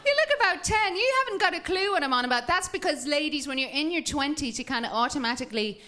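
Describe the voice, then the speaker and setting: A woman's voice: sits high, expressive, fast, pushed and bright, a little hiss or hum. A woman in her thirties doing a bawdy, self-mocking stand-up routine on a club stage. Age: 30s. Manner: bawdy, self-mocking, laughs through lines. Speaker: stand-up comedian.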